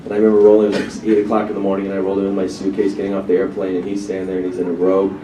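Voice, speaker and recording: A man with a somewhat low voice tells a chatty panel story, breaking into laughter as he goes. He sounds distant and echoey in a big hall, with a clear hum of noise underneath. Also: completely flat delivery, racing, warm tone. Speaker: panel guest. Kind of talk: convention Q&A anecdote. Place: large convention hall.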